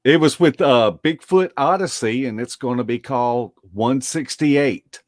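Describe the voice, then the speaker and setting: A man hosting a casual interview, prompting his guest slowly and laughing along. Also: medium pitch, no echo, clean studio sound. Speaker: interview host.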